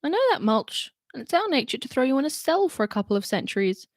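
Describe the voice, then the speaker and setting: A woman's voice: high-pitched, very animated, quick pace, dry recording, clean studio sound, pitched above the performer's own voice, full character voice. A woman voicing a tough young female elf police captain who talks in short, curt lines in a storybook reading. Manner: curt and grunting.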